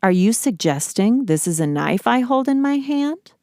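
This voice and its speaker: A woman's voice: a little high, big pitch swings, moderate pace, dark tone, dry recording, clean studio sound, voice pushed up. A woman reading as a wronged wife gone cold. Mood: mocking. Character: wronged young wife turning on her husband.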